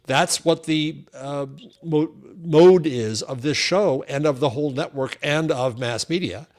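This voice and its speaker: A man co-hosting a political podcast, speaking earnestly with halting restarts. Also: on the high side, darkish tone. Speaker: podcast co-host.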